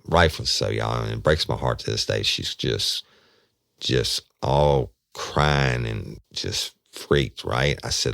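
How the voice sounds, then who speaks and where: Man, very deep, gravelly, folksy true crime storyteller, dry close mic. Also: measured pace, fairly bright tone, dry recording. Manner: folksy, earnest, speaks straight to listeners. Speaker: podcast host, retired detective.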